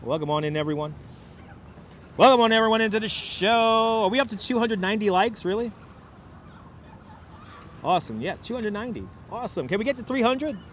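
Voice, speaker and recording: A chatty man from Brooklyn, New York, with a high voice hosts a live walking stream along a city waterfront, reading out viewer names and joking with chat. He talks quickly with big pitch swings and frequent pauses, his clip-on wireless mic keeping him close over faint traffic and city hum.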